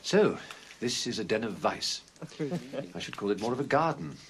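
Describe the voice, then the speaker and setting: An actor playing a flamboyant, witty middle-aged Victorian writer who talks in florid, languid phrases. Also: male voice, lowish voice, sing-song, moderate pace, a crowd in the background. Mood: teasing. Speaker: celebrated writer and father. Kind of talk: period film acting.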